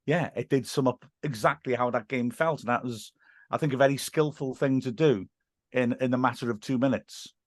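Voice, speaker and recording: Man, Welsh accent, podcast guest, animated storyteller, dry close mic. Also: medium pitch, normal speed, dry recording. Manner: animated storyteller, chatty with frequent restarts. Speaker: podcast guest, football commentator. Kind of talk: casual chat.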